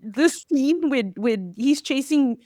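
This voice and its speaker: A woman co-hosting a film review podcast in casual chat, animated and quick to act out lines from the movie. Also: high voice, no echo, clean studio sound. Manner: restarts and repeats words often. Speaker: podcast co-host.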